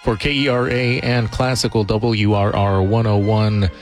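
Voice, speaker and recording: A male radio reporter with a fairly low voice reads a scripted news segment in a measured, even delivery. A clear music bed runs beneath his words throughout.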